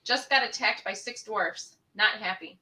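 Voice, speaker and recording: Bright-toned woman reading jokes. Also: mid-range voice, normal speed. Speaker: co-host reading viewer jokes. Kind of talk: reading jokes aloud from chat.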